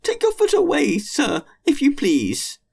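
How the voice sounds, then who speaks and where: A shrill, insistent little boy in an audiobook. His voice sits very high and leaps wildly up and down, and the lines come slowly and drawn out. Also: huge pitch swings, gravelly, darkish tone, breathy edge, heavily acted. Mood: pleading. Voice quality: high, shrill put-on child voice. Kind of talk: audiobook reading.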